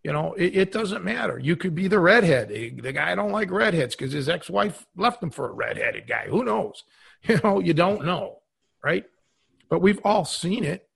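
A man's voice: high voice, big pitch swings, normal speed, gravelly, fairly bright tone, slightly rough. A man co-hosting a podcast, talking casually with many fillers and giving earnest advice. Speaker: podcast co-host.

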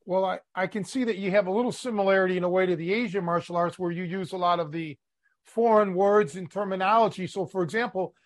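A man from Chicago hosting a podcast, teasing and swearing casually in relaxed chat. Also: sits high, fast. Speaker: podcast host.

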